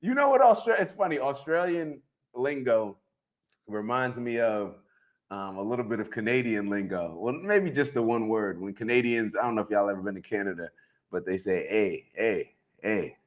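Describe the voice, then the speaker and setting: A man hosting a casual livestream, lively and full of shout-outs to viewers, talking into a handheld mic. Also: medium pitch, moderate pace. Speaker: host.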